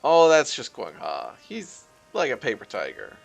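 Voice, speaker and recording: A man's voice: medium pitch, huge pitch swings, measured pace, vocal fry, faint music behind, voice pushed up, heavily acted. A man voicing a jittery, wild-eyed male drone dealer who talks in an eager, fawning way.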